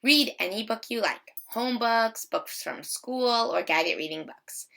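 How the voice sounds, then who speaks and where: A woman teacher giving a slow, expressive, encouraging video reading lesson to young children. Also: a little high, gravelly, far from the mic.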